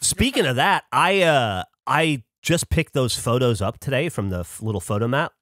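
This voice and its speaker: A podcast co-host with a mid-range voice talks at a moderate pace, recorded dry with clean studio sound. He tells stories in casual conversation, animated and swearing freely.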